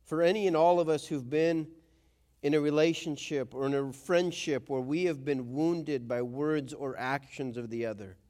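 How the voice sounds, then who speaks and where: Pastor, male, high tenor register, chatty sermon delivery with acted-out quotes. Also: steady tone, normal speed, darkish tone. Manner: conversational, acts out quoted voices.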